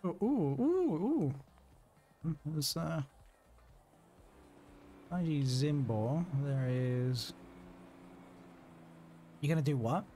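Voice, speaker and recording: Man, higher-pitched, excitable and rambling in gaming chat, faint noise behind. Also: extremely slow, pauses often. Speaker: roleplay streamer.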